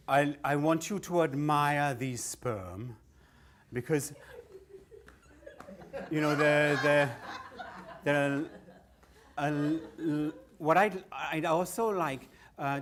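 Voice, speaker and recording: A male comedian with a voice on the high side performs stand-up live, spinning a long, rambling story. He swears freely and frequently laughs at himself.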